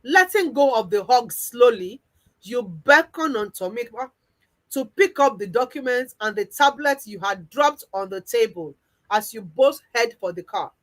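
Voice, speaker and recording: A woman coach with a Nigerian accent tells a story in the second person, guiding the listener through an imagined day. Her voice is fairly high, and her storytelling is lively. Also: unhurried, rough recording. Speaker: weight-loss coach. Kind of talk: guided visualization narration.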